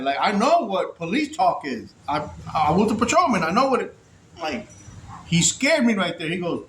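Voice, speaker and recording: Casual male vlogger, high voice, profane rambling storyteller, faint hum behind. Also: big pitch swings, normal speed, fairly bright tone. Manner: rambling, profane, restarts often. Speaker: former inmate telling his story. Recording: echoey room.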